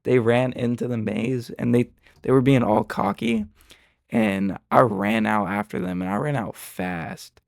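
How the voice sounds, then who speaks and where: Young male storyteller, casual and animated, gravelly tone, dry recording. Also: medium pitch, a little slow, no room sound. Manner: excitable, slangy, animated retelling.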